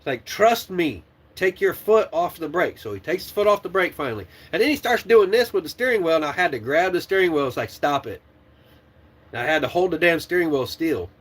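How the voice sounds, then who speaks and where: A man's voice: fairly high pitch, brisk. Man telling a trucking story, swearing freely. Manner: animated, swears and laughs while retelling. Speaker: truck driving trainer. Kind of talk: casual storytelling.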